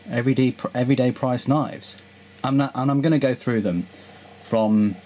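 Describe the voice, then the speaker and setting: A man casually presenting his knife collection on camera, thinking aloud in a relaxed way. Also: on the low side, a little hiss or hum. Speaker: vlogger reviewing his knives. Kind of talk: casual show-and-tell.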